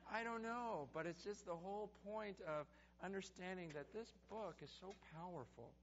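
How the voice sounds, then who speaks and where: A man preaches a sermon, his voice sitting a little high as he tells stories with animated energy. The recording is dull and muffled, with a faint hiss underneath. At the close he drops into soft, hushed prayer. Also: normal speed. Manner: animated storytelling, building to excited peaks. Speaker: pastor. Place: church sanctuary.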